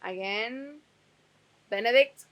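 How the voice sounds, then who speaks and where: Slow-talking casual woman reviewer. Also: on the high side, fairly bright tone, low-quality recording. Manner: chatty, swears, many fillers. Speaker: TV series reviewer.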